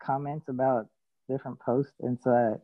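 A man's voice: mid-range voice, little pitch movement, dry recording. Hesitant man on a tinny line. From Colombia. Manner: hesitant, halting. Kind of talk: casual video chat.

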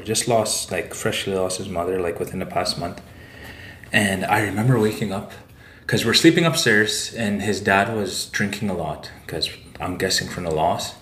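Low-voiced with a fairly bright tone, this podcast guest from Saskatchewan, Canada, rambles through a casual story, ending lines with "eh" and "like." The recording has a roomy echo.

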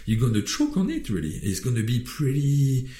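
A Frenchman with a French accent talks in a lively, animated, opinionated chat, swearing often and breaking off mid-sentence into wandering restarts. His mid-range voice is mellow and dark, delivered at a moderate pace, and it rings in a roomy, echoing space.

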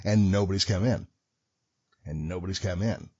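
A man's voice: deep voice, moderate pace, breathy edge. A middle-aged man telling a story in casual chat, swearing freely and acting out the voices of others. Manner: profane, animated, acts out voices. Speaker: podcast guest storyteller. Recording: dull lo-fi recording.

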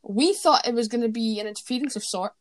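A woman's voice: fairly high pitch, quick pace. A woman co-hosting a casual podcast chat, opinionated and rambling, often correcting herself mid-sentence. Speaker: podcast co-host. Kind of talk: casual wrestling review chat.

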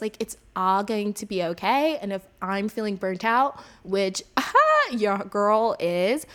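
A young woman hosting her own podcast, talking alone in a chatty, animated way and saying "like" a lot. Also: mid-range voice. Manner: chatty, animated, heavy use of "like". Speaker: podcast host. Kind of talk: casual solo podcast monologue.

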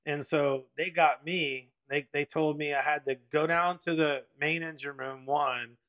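A man with a fairly high, bright, forceful voice tells a loose, rambling story in casual podcast chat. He laughs between phrases and leans on filler words. The recording sounds dull and lo-fi. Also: steady tone, unhurried. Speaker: podcast co-host and Navy veteran.

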